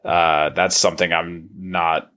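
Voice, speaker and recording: Podcast host, male, thirties, very low voice, easygoing and plain-spoken, lots of "you know" and "uh". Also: slow pace. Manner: plain-spoken, relaxed, with many fillers. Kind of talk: casual recovery podcast talk.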